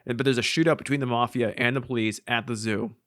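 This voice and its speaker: A man's voice: medium pitch, steady tone, a bit bright. Joking male podcast co-host. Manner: jokey, laughs often, quick asides. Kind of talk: casual podcast banter.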